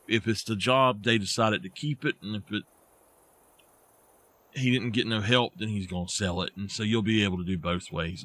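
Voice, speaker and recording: A man's voice: fairly low pitch, no room sound. A man, chatting casually to his viewers while playing a game live, rambling and thinking aloud. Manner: relaxed, rambling, self-talk with restarts. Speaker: game streamer.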